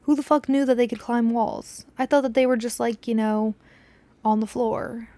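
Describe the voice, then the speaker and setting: A woman's voice: fairly high pitch, steady tone, moderate pace, warm tone, no room sound. A young woman hosting a podcast, telling a story in casual chat, swearing freely and dropping to a whisper when she acts out scenes. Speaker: podcast host.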